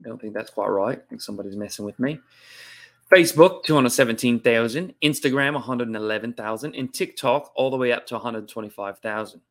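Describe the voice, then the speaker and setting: A man's voice: medium pitch, fairly quick, natural voice. A man putting on a playful mock Australian accent for a comedy show, mixing a British sound with a Southern drawl. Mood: joking.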